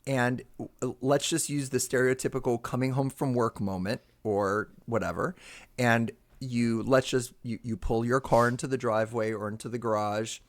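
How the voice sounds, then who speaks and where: A man hosting a casual podcast chat, animated and teasing, his voice jumping up when he laughs. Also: medium pitch, moderate pace. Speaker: podcast host.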